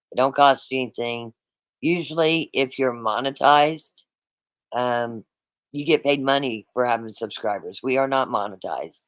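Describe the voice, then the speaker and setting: A man hosts a livestream and talks to his viewers in a loose, rambling way, often circling back to repeat himself. His voice sits at a middling pitch. It sounds close and dry, with no room echo. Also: clear, resonant tone. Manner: addresses the chat directly, rambling and repetitive. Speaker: livestream host. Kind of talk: casual livestream chat.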